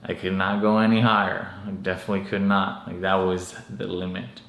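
A drained young fitness vlogger talks in a deadpan, self-mocking way, swearing offhandedly. His voice sits a little low, and the room around him rings with echo. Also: fairly quick, muffled recording, a little hiss or hum. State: drained and lightheaded from dieting. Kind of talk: casual vlog talk. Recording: echoey room.

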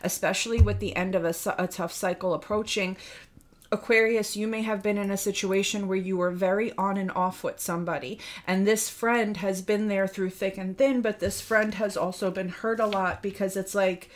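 A woman giving a tarot reading for viewers, earnest and a little out of breath, often calling the listener by star sign and checking in with "okay?". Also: mid-range voice. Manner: earnest, addresses the listener by star sign, asks rhetorical questions ending in "okay?". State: slightly out of breath. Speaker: tarot reader.

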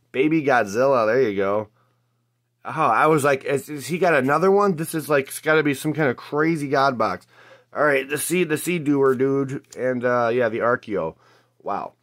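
A man hosting a casual card-opening video, chatty and excitable, exclaiming over each pull with lots of fillers. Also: medium pitch, moderate pace. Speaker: card-opening channel host. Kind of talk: casual pack-opening commentary.

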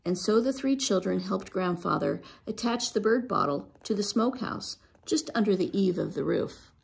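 Gravelly woman reading a storybook. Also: mid-range voice, lively intonation, normal speed. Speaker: storybook reader. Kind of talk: reading a children's book aloud.

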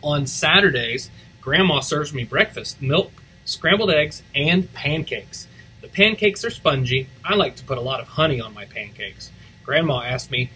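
A man giving an expressive read-aloud of a children's picture book for a school's morning announcements. His voice is bright and sits a bit high for a man, swooping lively up and down. He moves easily between English and Spanish. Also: moderate pace, slight background noise, low-quality recording.

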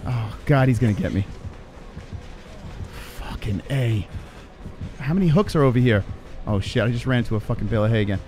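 A man giving live commentary on his own gameplay, swearing and reacting in excitable panic. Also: medium pitch, a little fast, pauses often, faint music behind. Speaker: streamer.

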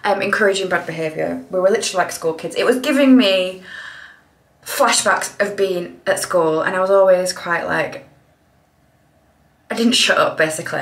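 A woman in her thirties from England vlogs casually to a phone camera held at arm's length, chatty and bubbly, often laughing mid-sentence. Her voice sits fairly low in pitch with a slightly bright quality.

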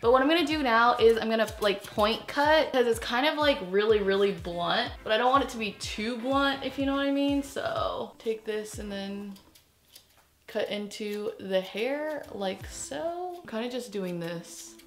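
A young woman vlogging casually in front of a mirror, excitable and gushing, often gasping and exclaiming. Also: a little high, unhurried. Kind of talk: casual vlog chat. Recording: roomy echo with faint background music.

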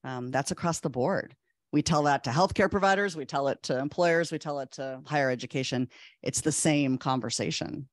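A woman speaking as a panel guest, earnest and animated, telling a story with quick restarts. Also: low voice, no room sound, clean studio sound. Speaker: clinical psychologist speaker. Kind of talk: conversational panel talk.

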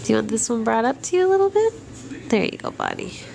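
A young woman, a mother filming her babies at home on a handheld camera, talks to them in gentle, cooing baby talk. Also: fairly high pitch, very animated, fast talker, creaky, heavy background noise. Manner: sing-song, cooing, gentle. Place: home living room.

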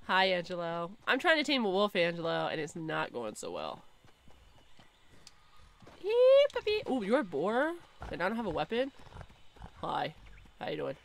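A young woman streaming a game, chatting casually, giggling and calling out excitedly to the animals in the game. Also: on the low side, normal speed, creaky, pauses often. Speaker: gaming streamer. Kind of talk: casual gameplay commentary.

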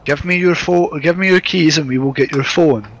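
A man's voice: on the high side, normal speed, highs cut off. A man playing a police officer in a game role-play, giving curt, repeated commands.

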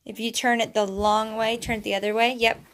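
A woman's voice: on the high side, little pitch movement, brisk. A young woman chatting casually in a family vlog, upbeat and sing-song when she talks to her kids. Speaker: family vlogger and mother.

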